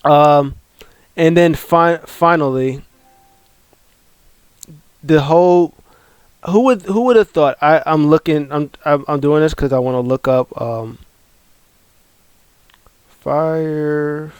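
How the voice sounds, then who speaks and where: A man hosting a casual wrestling recap, excitable and rambling, with lots of fillers and restarts. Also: a little high, measured pace, pauses often, smooth, dry recording. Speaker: wrestling show recap host. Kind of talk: casual video commentary.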